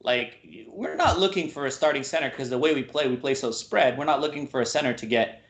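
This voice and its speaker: A man with a middle-pitched voice co-hosts a casual sports talk show. His talk is loose and slangy, peppered with "dude" and "like". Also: a little fast, a bit bright. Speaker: sports podcast co-host.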